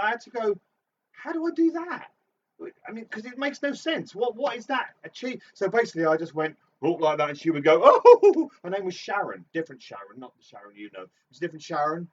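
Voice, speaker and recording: A man with an English accent chatting casually as co-host, lively and swearing freely, often repeating phrases. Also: high-pitched, recorded from a distance, lo-fi sound, a little hiss or hum. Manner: animated, swearing, repeating catchphrases. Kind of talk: casual chat.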